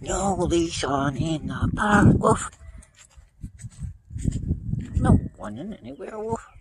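A man's voice: high voice, lively intonation, takes it slowly, creaky, very noisy. A playful man chatting casually outdoors in a park, ending nearly every line with a barked woof. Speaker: vlogger. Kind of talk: casual vlog chat. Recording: loud music playing over the voice.

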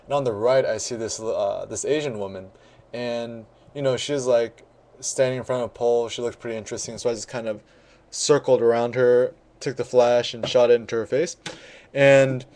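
A man vlogging about his camera gear in a relaxed, rambling way, full of ums and restarts. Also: medium pitch, normal speed. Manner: relaxed, many ums and restarts, chatty storytelling. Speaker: photography vlogger. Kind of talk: casual rambling vlog.

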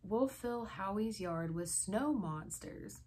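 A woman voicing a brash, bossy schoolboy in a storybook read-aloud, with loud, excited exclamations. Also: medium pitch, takes it slowly, breathy edge. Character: brash, bossy schoolboy who loves monsters.

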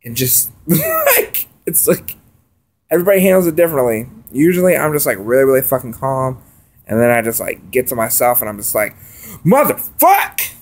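Gravelly-voiced male vlogger, mid-pitched, cursing through an agitated late-night rant. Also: fast. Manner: profane, agitated ranting with loud and quiet swings.

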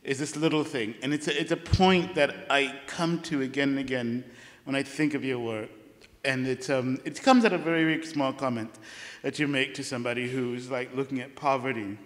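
A man interviewing a writer on stage, speaking haltingly and restarting his sentences as he searches for words. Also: medium pitch, fairly even intonation. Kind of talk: onstage conversation. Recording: long hall reverb from a public event.

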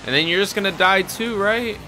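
A man's voice: high voice, fairly quick, background noise. A young man hosting an anime reaction, talking in slang, swearing and laughing at what he watches. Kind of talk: live reaction commentary.

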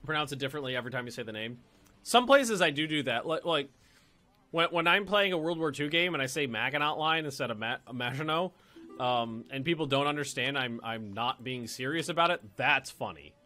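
A man's voice: medium pitch, lively intonation, a little fast, bright, forceful tone. A man casually commenting as he plays a strategy game on stream, chatty and playful, swearing and repeating himself as he thinks. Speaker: let's play streamer.

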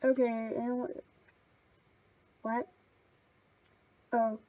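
A woman hosting a casual gameplay video. She rambles, gushes and gets excitable while thanking friends for gifts. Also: a little high, drawn-out words, dry recording, muffled recording. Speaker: channel host.

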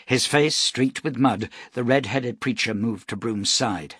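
A man narrating an audiobook in a steady, measured storytelling voice. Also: medium pitch, breathy edge, no echo, clean studio sound.

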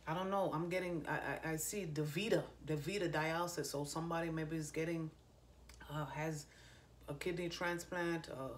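Deep-voiced woman medium, rambling and profane, faint background hiss. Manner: loose and stream-of-consciousness, swears freely. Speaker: psychic medium. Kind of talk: casual spiritual channeling talk.

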